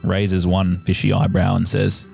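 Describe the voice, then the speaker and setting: Man, game master, descriptive tabletop narration, low voice, dark tone, faint music in background. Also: vocal fry. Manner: lively, descriptive narration with quick rules calls.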